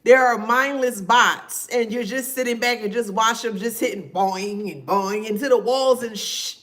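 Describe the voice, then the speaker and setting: A woman giving casual spiritual commentary to her viewers, slow and drawn-out, sarcastic and laughing often. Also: a little high, fairly bright tone.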